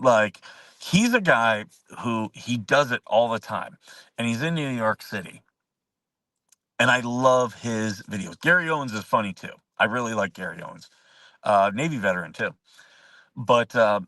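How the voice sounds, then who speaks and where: A man's voice: mid-range voice, animated, a little slow, sharp tone, no room sound, recorded from a distance, rough recording. A man hosting a casual talk show, rambling through stories with many fillers and restarts. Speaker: show host. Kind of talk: casual storytelling chat.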